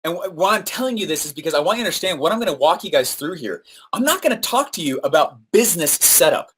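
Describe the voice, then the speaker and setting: A man's voice: on the high side, fast, husky. A man coaching on marketing in a live-streamed talk, telling a story with lots of fillers, "right?" tags and acted-out quotes. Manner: animated storytelling, acts out quoted voices; frequent fillers and "right?" tag questions.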